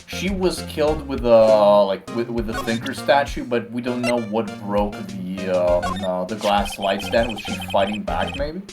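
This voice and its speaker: A man's voice: fairly low pitch, a little slow, few pauses. A man co-streaming a game, talking in a rambling, hesitant way full of fillers. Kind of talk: casual let's play chat. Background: game music.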